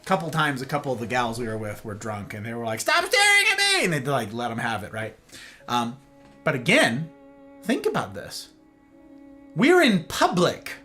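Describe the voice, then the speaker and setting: An American man hosting a livestream monologue, talking in an animated way and often checking in with "right?" and "okay?". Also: mid-range voice, normal speed, soft background music. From United States. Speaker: host.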